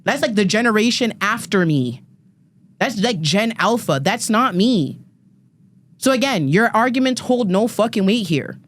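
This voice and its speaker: A woman in her thirties sits on a podcast panel as a guest, her mid-range voice lively in intonation and a little slow. She launches into a heated, profane rant, repeating words emphatically and stumbling when she gets fired up.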